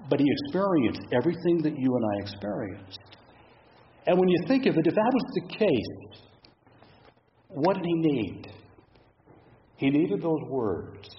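A man's voice: medium pitch, highs cut off, slight background noise. A middle-aged man preaching a sermon in a church, reflective and asking the congregation question after question. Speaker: pastor.

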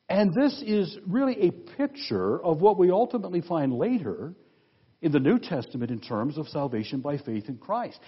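Pastor, male, husky voice, teacherly sermon delivery with lively pitch swings, dull lo-fi recording. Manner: teacherly, asks the congregation questions, reads scripture aloud with comments. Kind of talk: expository sermon. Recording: dull lo-fi sound.

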